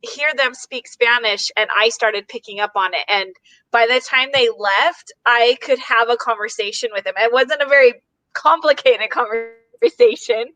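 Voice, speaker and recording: A woman's voice: a little high, normal speed, fairly bright tone, dry recording, low-quality recording. A woman hosting a casual video chat, chatty and affirming, telling a personal story. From United States.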